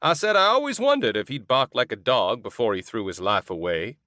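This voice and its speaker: A man voicing a polite, smiling man who stays calm and dangerous. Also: medium pitch, brisk, no echo, clean studio sound.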